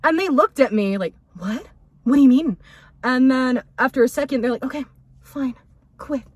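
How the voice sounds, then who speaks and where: A young woman co-hosting a podcast tells a workplace story in a casual chat, her high-pitched voice breathy at the edges, at a moderate pace with no room sound. She's animated, acting out quotes amid laughter.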